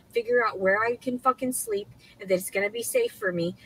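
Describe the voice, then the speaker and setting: High-voiced woman ranting, swearing. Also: very animated, fairly quick, vocal fry, hardly any pauses, slightly rough, poor audio. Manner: agitated, swearing constantly, stammering repeats. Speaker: woman filmed in her own posted videos. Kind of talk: heated rant.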